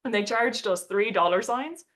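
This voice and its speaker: A young woman with a mid-pitched voice talks casually about her work. She tells the story in a chatty, loose way. She slips into playful put-on voices to quote people and often breaks into short laughs. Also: normal speed, a bit bright. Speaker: astronomer giving a talk.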